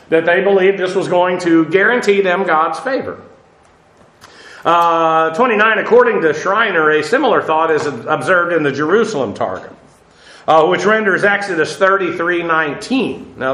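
A man gives a Bible study lecture in a noticeably high voice. He talks unhurriedly, dotting his points with "uh" and rhetorical questions. The recording carries a roomy echo. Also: fairly bright tone. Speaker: Bible teacher.

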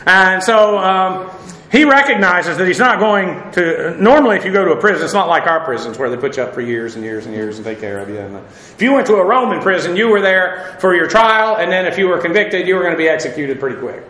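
High, bright-voiced preacher in an echoey room. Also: male voice, big pitch swings, fairly quick. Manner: chatty, wry asides, many fillers. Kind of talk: casual sermon.

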